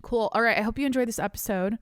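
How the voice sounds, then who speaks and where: A woman's voice: on the high side, quick pace, no room sound. A young adult woman hosting her own podcast from a home studio, chatting candidly and rambling, swearing freely. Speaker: podcast host. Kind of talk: casual solo podcast chat. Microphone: studio mic, on camera.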